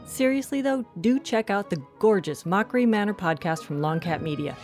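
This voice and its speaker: A woman plays a cocky, cheerful starship captain in an audio drama. Her voice is mid-pitched, bubbly and brimming with confidence, with faint music underneath. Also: expressive, moderate pace, darkish tone, lightly acted. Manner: bubbly, self-assured. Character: cocky, upbeat female spaceship captain.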